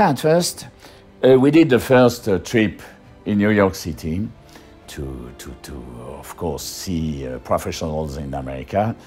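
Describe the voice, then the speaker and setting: A man's voice: fairly low pitch, a little mellow. A man with a French accent, giving a hesitant interview testimony full of fillers and restarts. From France.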